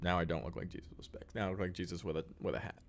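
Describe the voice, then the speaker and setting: Speaking very fast in a low, steady voice, a man hosts a casual live podcast recorded dry. He reads viewers' comments out loud, thanks them, and handles their questions spontaneously with chatty enthusiasm.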